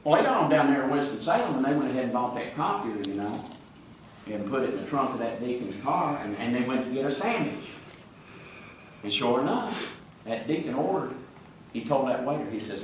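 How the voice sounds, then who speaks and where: A man with a Southern US accent, slowly spinning folksy comic stories to a live audience in character as a small-town deputy. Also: medium pitch, expressive, slight background noise. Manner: slow drawling folksy yarn-spinner. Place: live venue before an audience. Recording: echoey room, distant mic.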